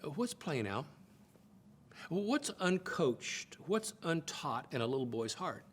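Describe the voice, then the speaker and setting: A man's voice: takes it slowly, a little hiss or hum. An older man from the United States, giving a sermon-style talk on marriage, telling family stories and acting out the quotes, often repeating words as he starts a phrase. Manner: expressive, acts out quotes with swings in pitch and loudness. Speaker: speaker teaching on marriage.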